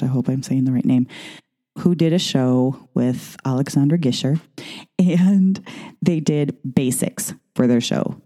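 A woman's voice: rumbling low, mellow. A middle-aged woman, a ballroom dance coach, talking casually in a chatty, rambling way full of asides. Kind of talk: casual monologue.

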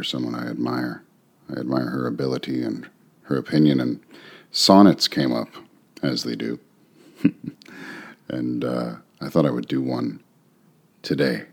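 A man reading a sonnet aloud, then talking through its meaning in a relaxed, musing way with rhetorical questions. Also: rumbling low, creaky, breathy edge. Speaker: poetry reader and explainer. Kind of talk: poetry reading and casual commentary.

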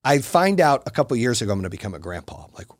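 Brash fast-talking man in his forties. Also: mid-range voice, big pitch swings, no echo, studio quality. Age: 40s. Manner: brash, boastful storyteller. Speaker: podcast guest. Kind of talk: casual podcast chat.

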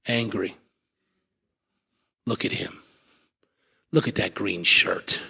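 Pastor acting out a muttering bitter churchgoer. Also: male voice, sits low, fairly even intonation, takes it slowly, creaky, sharp tone, slightly rough, voice pushed down, heavily acted. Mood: sulky sneering. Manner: muttering, sneering, petty. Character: sulky bitter man glaring at a fellow churchgoer.

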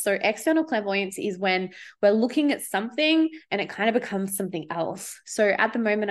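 Woman, medium pitch, spiritual podcast host, chatty and profane, recorded in a studio. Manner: chatty, swears freely, acts out inner voices. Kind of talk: casual spiritual podcast monologue. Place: studio with windows.

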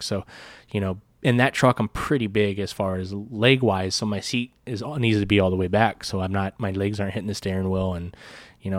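A man with a fairly low voice tells a story on a podcast in a casual, rambling way. He swears freely and keeps restarting his sentences. The sound is dry and close. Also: dry recording. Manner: rambling, profane, many restarts. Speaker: podcast host.

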